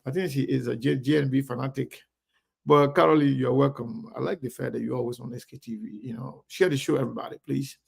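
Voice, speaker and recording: Gravelly man hosting a live stream. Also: mid-range voice, steady tone, fast talker. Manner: chatty, reads viewer names aloud warmly. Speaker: online show host. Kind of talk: live-stream greetings to viewers.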